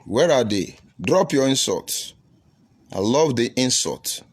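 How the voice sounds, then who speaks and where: A man's voice: medium pitch, very animated, slow. A man with a Nigerian English accent, a preacher hosting a livestream, answering viewer comments in a combative, preachy way full of rhetorical questions.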